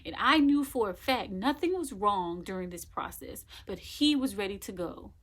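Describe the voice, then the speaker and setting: Retelling the story of giving birth, this woman speaks at a moderate pace with a medium, slightly bright voice and lively intonation. Her casual account is emphatic and vivid, with the things people said acted out.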